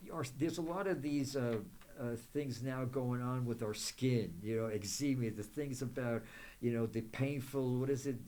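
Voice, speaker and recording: Rambling man hosting a spiritual show. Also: medium pitch. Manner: rambling, many fillers and restarts; gentle affirmations and blessings. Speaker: psychic and spiritual show host. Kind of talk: rambling spiritual talk to viewers.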